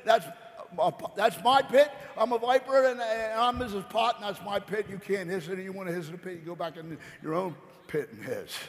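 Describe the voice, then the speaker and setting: A man's voice: sits high, a little fast. Missus Pot, a territorial viper lady, as a man puts her on. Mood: scolding. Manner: scolding, repetitive. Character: prickly female viper neighbor, territorial. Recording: echoey convention hall.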